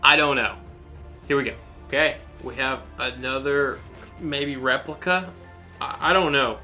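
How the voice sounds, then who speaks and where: A man hosts an unboxing video with a bright, forward tone, rambling happily from one thought to the next. He gushes over everything in an excited, informal way, and faint music plays softly underneath. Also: mid-range voice, unhurried. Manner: enthusiastic, rambling, gushing. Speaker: unboxing channel host.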